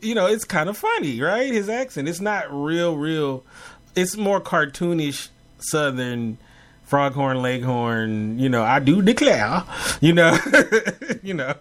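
A man co-hosting a casual chat about favorite movies and TV, animated and laughing, with many fillers. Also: high voice. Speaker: podcast co-host.

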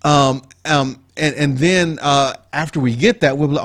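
A man co-hosting a relationship talk show explains ideas in a preachy manner, circling back to repeat key points and adding asides. His voice is on the high side and fairly bright, steady in tone at normal speed, in a casual teaching style.

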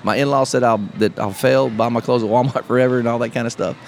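A middle-aged man, a podcast host telling a story in casual, animated chat. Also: medium pitch, fast talker, vocal fry. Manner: animated storyteller, calls listener bro. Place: live podcast event. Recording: live event, faint noise behind.

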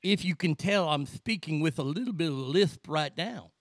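A man's voice: a little high, lively intonation, normal speed, no echo. A man playing a prank caller with a chipped-tooth lisp, making a rambling, mock-earnest complaint.

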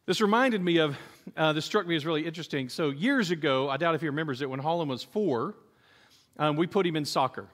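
High-voiced animated male preacher. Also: quick pace. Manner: animated storytelling, acts out quoted voices, jokes with the congregation. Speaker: pastor. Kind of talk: sermon.

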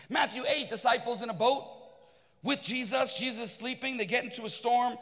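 A man preaching a sermon, fervent and repetitive, at times shouting. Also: extremely high pitch, normal speed, long reverb tail. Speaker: pastor.

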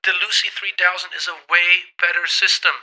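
A man's voice: sits high, flat delivery, fairly quick, bright, forceful tone, low-quality recording. An actor playing a pushy customer-service salesman with offhand sales patter.

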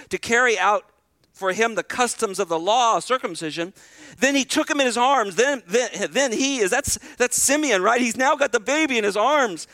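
A man's voice: high-pitched, pushed and bright, no echo. A man preaching a sermon as pastor, talking in a conversational way, asking the congregation questions and often repeating words as he starts a sentence.

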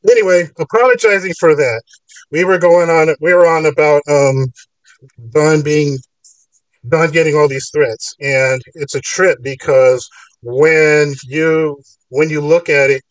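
Man hosting a call-in show, slightly high voice, opinionated, rambling, dry and set back from the mic. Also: dry recording, far from the mic, poor audio. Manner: opinionated, argues in long rambling runs. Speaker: podcast host. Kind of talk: casual call-in talk.

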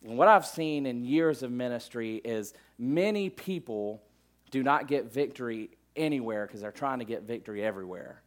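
A man's voice: medium pitch, expressive, normal speed. A middle-aged male pastor preaching a sermon in a loose, conversational way, full of asides and fillers.

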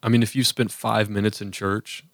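A man's voice: lowish voice, little pitch movement, moderate pace, gravelly, no room sound. A man in casual conversation on a podcast, talking earnestly about faith with lots of fillers and restarts. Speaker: podcast co-host.

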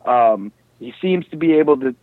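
A man hosting a casual chat about fights, animated and profane, rambling through asides. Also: medium pitch, moderate pace, slight background noise. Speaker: podcast host. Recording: tinny phone-like dry sound.

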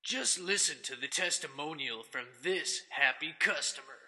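A man reading a spoof commercial voice-over with a mock-earnest pitchman delivery. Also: animated, normal speed, bright, forceful tone. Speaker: announcer in a parody ad. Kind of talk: comedic parody commercial voice-over.

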